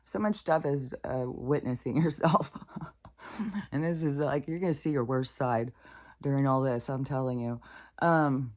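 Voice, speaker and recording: A woman's voice: very deep voice, unhurried, darkish tone. A woman vlogger talking in a casual, rambling monologue, candid and profane, dropping now and then into whispered asides.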